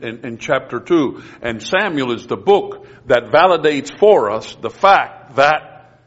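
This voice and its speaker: A pastor teaching a Bible passage in a sermon, stopping on phrases and repeating them for emphasis, sometimes rising in pitch with fervor. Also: male voice, a bit bright. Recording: dull lo-fi sound.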